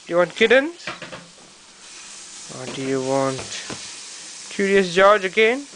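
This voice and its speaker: A woman's voice: lowish voice, big pitch swings, slow, noisy background. A woman coaxing a baby to pick picture books, speaking in a sing-song voice and making animal sounds. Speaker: parent reading to a baby. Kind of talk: baby talk while reading picture books.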